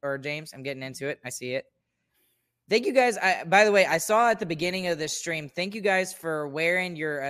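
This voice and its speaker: A man's voice: a little high, fairly bright tone. A man hosting a sports podcast, wrapping up the show in casual, upbeat chat. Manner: upbeat, pleading sign-off banter. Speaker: podcast host.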